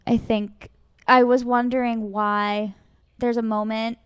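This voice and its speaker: Bright-pitched woman chatting books, dry sound. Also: level tone, slow, clear, resonant tone, dry recording. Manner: chatty, fills in plot details. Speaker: podcast co-host. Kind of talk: casual book club chat.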